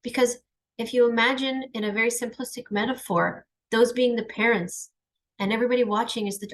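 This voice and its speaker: A woman's voice: a little high, fairly quick, fairly bright tone. A middle-aged woman speaking in a heartfelt personal monologue, earnest and emphatic, reflecting on her own struggles. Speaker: channel host.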